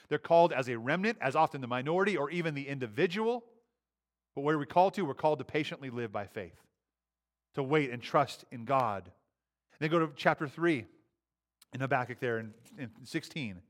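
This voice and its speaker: A pastor preaching a sermon in a conversational style, often restarting phrases and rising emphatically on key lines. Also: male voice, mid-range voice, fairly bright tone.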